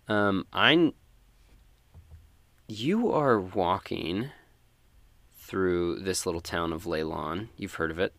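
A man narrating a tabletop role-playing game as game master, relaxed with many fillers. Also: low voice, takes it slowly, long pauses, no room sound.

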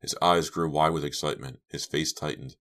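Very deep-voiced man narrating. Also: fairly even intonation, brisk, fairly bright tone. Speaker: audiobook narrator. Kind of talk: scripted narration.

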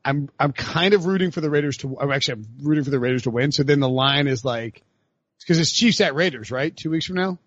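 A man's voice: a little high, quick pace, no room sound, dull audio. A man hosting a casual sports podcast, rambling with lots of fillers and laughing as he talks. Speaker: podcast host.

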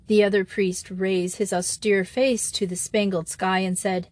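A woman reading a story aloud in a steady, measured way. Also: medium pitch, no echo. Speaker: audiobook narrator. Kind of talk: scripted narration.

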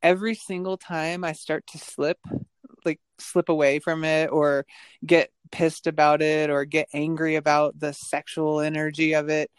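A woman's voice: low-pitched, level tone, moderate pace, clean tone, no room sound. A woman guest on a podcast who answers in an earnest, searching way, restarting her sentences and laughing between thoughts. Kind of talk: casual reflective interview talk.

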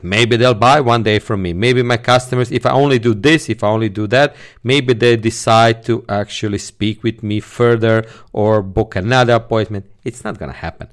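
A man hosting a solo podcast, teaching sales techniques and stressing key words in his examples. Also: fairly low pitch. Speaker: podcast host, sales trainer.

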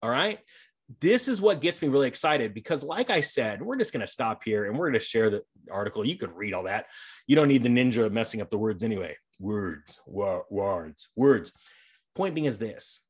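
A middle-aged man hosting a casual commentary vlog, energetic and sarcastic, rambling as he reads and reacts. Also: mid-range voice, a little fast, breathy edge. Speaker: real estate YouTuber.

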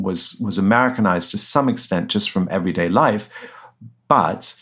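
A man's voice: on the low side, a bit bright. A man being interviewed as an author, answering conversationally with many fillers and restarts. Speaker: author guest.

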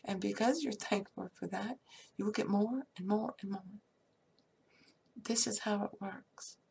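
A woman's voice: medium pitch, a little slow, creaky, darkish tone, a little hiss or hum. A woman giving a casual, upbeat talk on prayer and feeling, often laughing and dropping into whispers. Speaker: spiritual speaker.

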